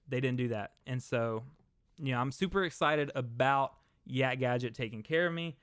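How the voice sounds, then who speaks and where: Chatty young man with a smooth voice. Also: mid-range voice, moderate pace, fairly bright tone, no room sound, studio quality. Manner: chatty, rambling, talks to chat viewers. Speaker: host. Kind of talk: casual livestream chat.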